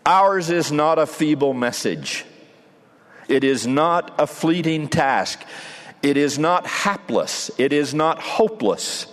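A man's voice: fairly high pitch, lively intonation, slow pace. A man preaching gives Jesus's words in an earnest, pleading voice that rises to fervor, in a hall with a long echo. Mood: fervent.

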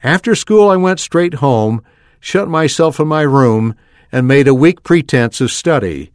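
A man reading a first-person story aloud with an expressive delivery. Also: a little high, measured pace, no room sound, clean studio sound. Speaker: reader.

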